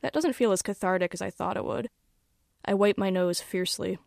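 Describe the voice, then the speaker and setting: A woman author reading her own first-person story aloud in a wry, measured storytelling manner. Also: mid-range voice, creaky, darkish tone, dry recording, studio quality.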